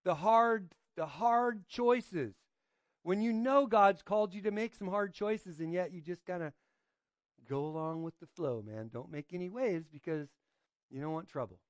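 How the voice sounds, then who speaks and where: A pastor giving an informal sermon, reading scripture and asking his listeners questions, often adding "right?" and pausing on fillers. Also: high voice, no room sound, clean studio sound. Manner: hesitant, with frequent fillers and restarts.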